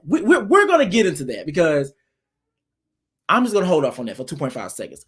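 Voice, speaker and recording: A man's voice: on the high side, wildly swooping pitch, a little fast, a bit bright, slightly rough. A man hosting an online panel discussion, talking emphatically and stacking his points in repeated phrases. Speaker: panel host.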